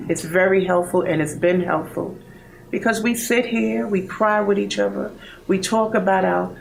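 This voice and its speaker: A woman in her sixties, a bereaved mother giving a heartfelt, halting personal testimony. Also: medium pitch, vocal fry, a little mellow, slight background noise, poor audio. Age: 60s. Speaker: bereaved mother in a support program.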